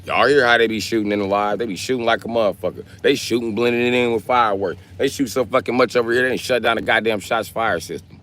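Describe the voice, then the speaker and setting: A man talks in a deep, low register. He streams live and jokes with his viewers in a brash, profane, trash-talking way. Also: fast talker, hardly any pauses, fairly bright tone, slight background noise. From Milwaukee, Wisconsin. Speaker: livestreamer. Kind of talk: casual live-stream chat.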